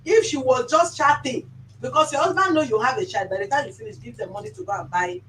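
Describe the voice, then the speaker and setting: Nigerian woman mediator, high commanding voice, distant mic in a roomy office. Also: fast talker, a bit bright, slight background noise. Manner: firm, commanding, lecturing. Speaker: mediator host. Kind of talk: scolding mediation session.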